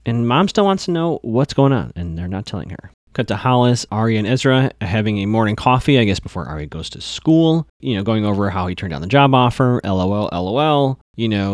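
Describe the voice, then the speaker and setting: A man's voice: on the low side, animated, a little fast, few pauses, no room sound, studio quality. A man hosting a podcast, recapping a TV episode in a chatty, digressive way with lots of fillers and restarts.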